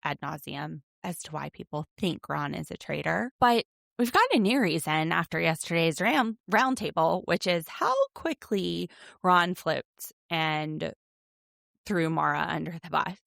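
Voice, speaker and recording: Low gravelly woman recapping. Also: measured pace, a bit bright, no room sound, studio quality. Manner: analytical, retells scenes with quoted asides. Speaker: podcast co-host. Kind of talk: casual recap chat.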